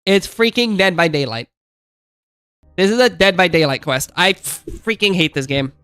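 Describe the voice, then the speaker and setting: Bright, exasperated young gaming streamer. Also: male voice, sits high, lively intonation, normal speed, clean tone, no room sound, studio quality. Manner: exasperated ranting, repeats phrases, says dude. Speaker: gaming channel host. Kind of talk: let's play commentary.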